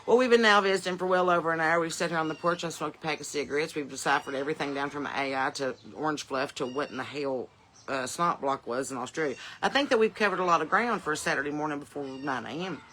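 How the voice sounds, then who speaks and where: A woman's voice: sits low, fast talker, fairly bright tone. A woman with a Southern accent, hosting a podcast from her porch in blunt, folksy, profane chat, with chickens clucking nearby. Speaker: podcast host.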